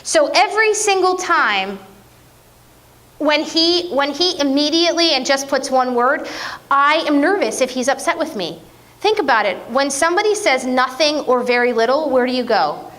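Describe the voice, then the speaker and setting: A woman preaching a conversational sermon, playful and self-mocking, with lively jokes. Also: sits high, moderate pace.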